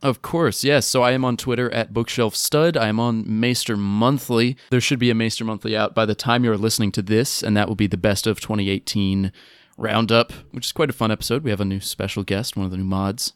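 A man's voice: fairly low pitch, steady tone, brisk, clean tone, no room sound, studio quality. A man chatting casually as a guest on a podcast, laughing often and telling things with animation.

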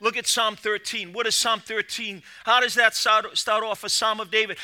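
High, bright-voiced preaching pastor. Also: male voice, little pitch movement. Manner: swings from hushed to loud preaching; repeats words in quick restarts. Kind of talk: sermon.

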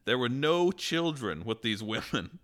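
A man's voice: medium pitch, big pitch swings, unhurried, fairly bright tone. A man voicing a fussy grown man grumbling about a doll store, reading in an exaggerated mock accent. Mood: indignant.

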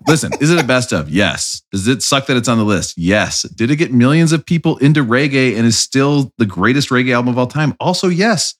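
A man's voice: mid-range voice, fairly quick, hardly any pauses. A man hosting a podcast, telling jokey stories in casual chat. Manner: joking, animated storyteller. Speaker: podcast host.

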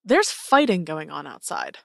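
A woman narrating as game master of a tabletop game, describing scenes in a lively way. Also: low-pitched, unhurried, vocal fry, no echo, clean studio sound.

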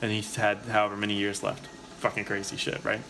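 Over background music, a man with a lowish, flat, slightly fast voice and audible vocal fry spins a long, casual story. He rambles, swears a great deal and says "like" constantly.

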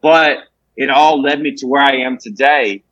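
A comedian, telling rambling, profane stories in a casual podcast chat. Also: male voice, medium pitch, fairly even intonation, moderate pace, fairly bright tone, no echo, dull audio. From Alabama. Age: 20s. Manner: profane, brash, rambling with restarts. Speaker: comedian guest.

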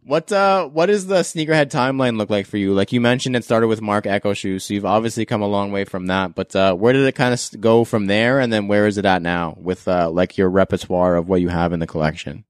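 Low-voiced joking podcast host. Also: male voice, brisk, few pauses, dry recording, studio quality. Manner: joking, upbeat interviewer. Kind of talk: casual chat.

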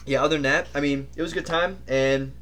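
Young male podcast co-host, chatty and animated, fairly high-pitched. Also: fast talker, noisy background. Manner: animated, imitates others' voices. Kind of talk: casual storytelling chat.

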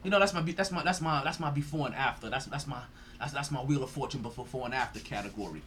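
A man's voice: mid-range voice, quick pace, a bit bright, a little hiss or hum. A man hosting a sports podcast, ranting in a profane, mocking way and laughing often. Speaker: podcast host.

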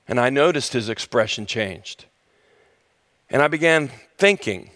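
A man's voice: mid-range voice, expressive, a little slow, long pauses, a bit bright. A middle-aged male pastor telling a funny story in his sermon, dramatic and self-mocking.

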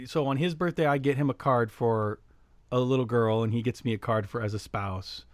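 A man co-hosting a podcast, telling a story in casual chat with many restarts, getting loud and lively as he retells it. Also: mid-range voice, normal speed, dry recording. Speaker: podcast co-host.

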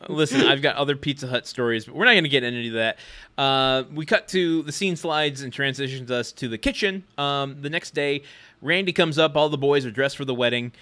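A man's voice: mid-range voice, fairly quick, bright, forceful tone. A man co-hosting a casual podcast, recapping a sitcom episode with dry, wry storytelling. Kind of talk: casual chat.

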